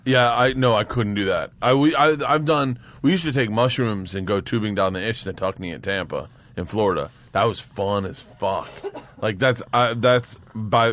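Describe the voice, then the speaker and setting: A man's voice: lowish voice, moderate pace, fairly bright tone, a little hiss or hum. A man, a guest comedian, telling loose stories in casual chat, laughing often and swearing freely.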